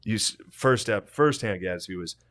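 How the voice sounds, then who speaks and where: A man's voice: fairly low pitch, expressive, normal speed, fairly bright tone. A man co-hosting a podcast, trading crude jokes in casual banter and slipping into mocking voices. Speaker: podcast co-host.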